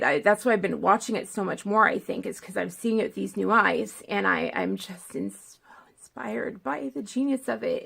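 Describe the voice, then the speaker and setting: A woman's voice: medium pitch, gravelly, fairly bright tone. A woman talking casually to the camera as a film vlogger, rambling and digressive, with lots of fillers.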